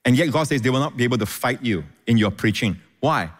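Male pastor, mid-pitched, sermon delivery with repeats and amens, long hall reverb. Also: lively intonation, quick pace. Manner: repeats words, stutters and restarts, frequent amens.

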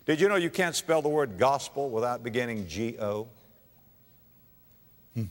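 A man preaching a sermon, dramatic, swinging from hushed tones to loud exclamations in a church. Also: medium pitch. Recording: long reverb of a large hall.

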